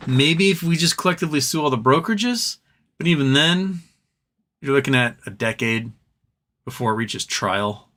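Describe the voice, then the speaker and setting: A man's voice: mid-range voice, expressive, moderate pace, a bit bright. A man hosting a live stream from home, chatting casually, answering viewer comments and trailing off into rambles.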